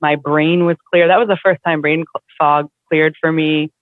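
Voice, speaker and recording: A woman guest in a casual conversation, talking in an animated, chatty way with lots of fillers. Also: low-pitched, normal speed, no room sound. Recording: dry, tinny phone-like line.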